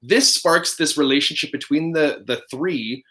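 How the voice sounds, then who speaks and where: A man's voice: on the high side, unhurried. A man in his thirties hosts a podcast and tells a long story in a loose, chatty way. He breaks off mid-sentence, restarts, and laughs as he goes. His voice rises and falls with the telling. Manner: animated storyteller, laughs often, self-interrupting. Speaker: podcast host. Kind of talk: casual storytelling chat.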